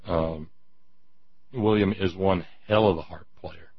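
A man's voice: low voice, fairly even intonation, slow pace, husky, dry recording. A man hosting political talk radio, emphatic and sarcastic, chatting with listeners through a dull lo-fi radio recording. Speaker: radio talk show host.

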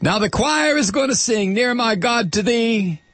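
A man doing an impression of a famous evangelist with a Western North Carolina drawl, making a slow preacher's call to a stadium crowd. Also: very high-pitched, lively intonation, fairly bright tone, no echo, voice pushed up, full character voice. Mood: imploring.

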